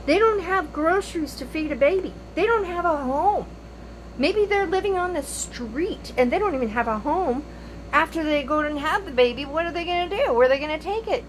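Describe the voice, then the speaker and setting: A woman's voice: sits high, expressive, normal speed, slight background noise, low-quality recording. Impassioned older woman, pleading and repetitive. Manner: impassioned, pleading, repeats phrases. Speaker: vlogger. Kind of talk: emotional opinion monologue to camera.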